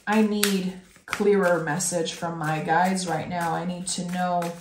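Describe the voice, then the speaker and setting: A woman's voice: on the low side, flat delivery, a little slow, noisy background. A woman giving a tarot reading, effusive and close to tears, talking straight to the viewer. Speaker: tarot reader. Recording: echoey room.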